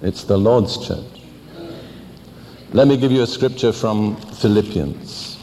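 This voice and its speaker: An older man preaching a sermon, teaching deliberately and asking pointed questions. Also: lowish voice, warm tone, big-room sound, slight background noise.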